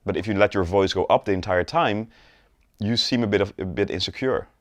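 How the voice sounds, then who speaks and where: Low-voiced man coaching sales. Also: brisk, no room sound. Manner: demonstrates voice tones in examples. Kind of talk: instructional video talk.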